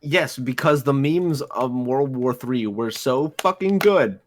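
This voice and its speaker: A man's voice: mid-range voice, lively intonation, slow pace, a little hiss or hum. A man from the United States, co-hosting a casual livestream, joking and swearing often. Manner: profane, joking. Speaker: co-host.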